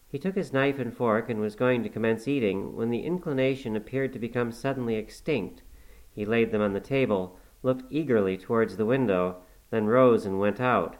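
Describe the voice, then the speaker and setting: A man narrating a classic novel aloud in a measured, unhurried storytelling manner. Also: on the low side, rough recording. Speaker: audiobook narrator.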